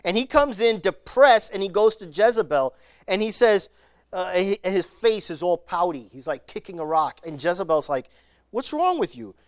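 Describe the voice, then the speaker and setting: A preacher giving a sermon, retelling scripture stories in an animated way and acting out the people in them. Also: mid-range voice, normal speed, no echo, studio quality. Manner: animated storytelling, acting out the scenes.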